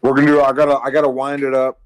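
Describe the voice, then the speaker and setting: A man's voice: monotone, racing, smooth, no echo, rough recording. A tired man on a livestream ranting crudely, swearing constantly and rambling. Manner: crude, rambling, swears constantly, mocks others in high voices. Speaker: livestream co-host. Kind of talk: casual livestream rant.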